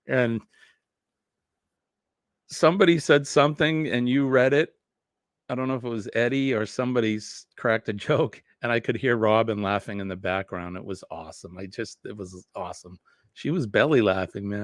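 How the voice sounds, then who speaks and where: A man's voice: medium pitch, no room sound. A man, chatting casually with viewers as host of a morning live stream, rambling and reading comments aloud. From New England. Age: 50s.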